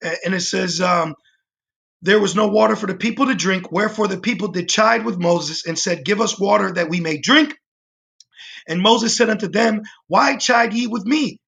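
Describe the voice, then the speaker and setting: Male preacher, high gravelly voice, emphatic livestream sermon, halting with fillers. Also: a bit bright. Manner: emphatic, repeats "man" as a tag; halting, with frequent fillers and restarts. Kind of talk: livestreamed sermon with scripture reading.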